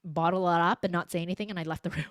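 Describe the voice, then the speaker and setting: Animated middle-aged woman telling stories. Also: on the low side, fast, no echo, clean studio sound. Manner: animated storyteller who acts out quoted speech. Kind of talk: casual podcast conversation.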